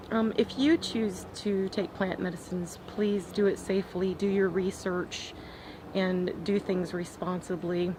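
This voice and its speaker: A woman vlogger telling a personal story to her viewers in a soft, reflective way, pausing often with fillers. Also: mid-range voice, slight background noise.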